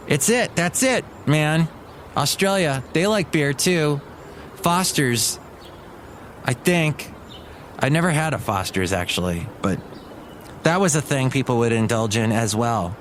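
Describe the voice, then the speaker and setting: A man's voice: fairly high pitch, unhurried, a little hiss or hum. A man hosting a solo comedy podcast, talking in a rambling, chatty way that wanders off topic. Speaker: podcast host and radio worker.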